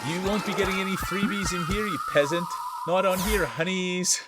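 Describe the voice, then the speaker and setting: A man's voice: high voice, steady tone, moderate pace, loud music behind the voice, pitched above the performer's own voice, natural voice. A man doing a sassy, campy chat regular. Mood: haughty. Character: sassy, bossy chat regular, drawling "honeys".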